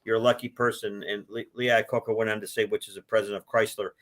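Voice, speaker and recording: A man in his sixties, a book author, telling his life story in an interview, with an animated delivery that swells when he is moved. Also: fairly low pitch, quick pace. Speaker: author guest.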